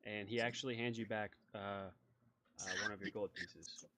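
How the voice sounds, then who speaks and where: A man narrating as game master, describing scenes in a calm, even way. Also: on the low side, moderate pace, slight background noise.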